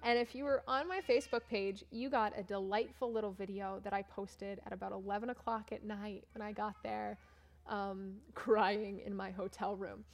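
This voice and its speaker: A woman's voice: mid-range voice, fairly even intonation, normal speed. A young woman gives a casual talk from the front of a church, walking through her slides. She is chatty and self-mocking, and her voice jumps up when she reaches the funny parts. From Maine, USA. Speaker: church mission trip speaker.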